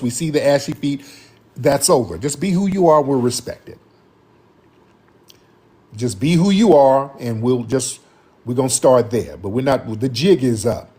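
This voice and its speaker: A man's voice: mid-range voice, a little mellow, husky. A man hosting a live-stream commentary show and taking callers, talking in an emphatic, repetitive, slang-heavy way.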